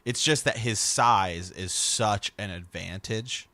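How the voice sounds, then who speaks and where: A man's voice: lowish voice, slow, no room sound. A man co-hosting a podcast, chatting casually about a book and reading passages aloud. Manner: reads passages aloud, agreeable, animated asides. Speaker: podcast co-host.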